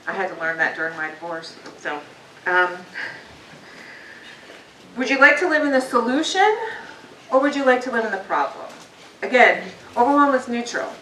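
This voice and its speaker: A woman's voice: on the high side, a bit bright. A woman giving a personal motivational talk to a live audience in a meeting hall, candid and conversational with frequent ums. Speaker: guest speaker. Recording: roomy, distant, faint noise.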